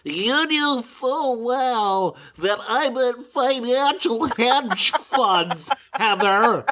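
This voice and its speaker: A woman putting on a mock version of her male co-host, scolding slowly and stressing his words. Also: fairly high pitch, lively intonation, a bit bright, full character voice.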